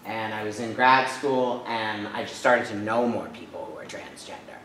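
Recorded far off in an echoey church hall with slight background noise, this Rhode Island man speaks on the low side at a moderate pace, a bit bright. He's the guest speaker, sharing a casual personal talk with the audience in a chatty style full of fillers and tag questions.

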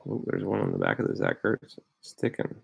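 A man hosting a sports card break, calmly reading out player names as he opens packs. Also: low-pitched, gravelly, husky. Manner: unhurried, reads out player names with bursts of excitement. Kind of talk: casual card-opening commentary.

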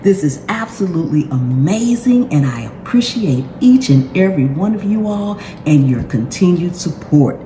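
A woman's voice: lowish voice, normal speed, few pauses. A woman hosting a cooking channel, talking through an unboxing in a casual, effusive way and exclaiming often. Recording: roomy with steady background noise.

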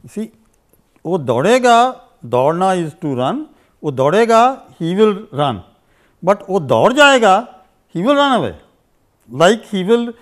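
A man's voice: high voice, big pitch swings, fast talker. A man teaching a grammar lesson, explaining at length with many "you see"s and "uh"s, repeating examples. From India. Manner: repeats example phrases in two languages. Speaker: language teacher. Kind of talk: unscripted grammar lecture.

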